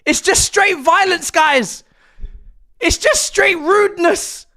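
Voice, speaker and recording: A young man streaming a football watch-along, excitedly yelling and exclaiming at every moment of the match. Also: extremely high pitch, slow. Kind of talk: live reaction commentary.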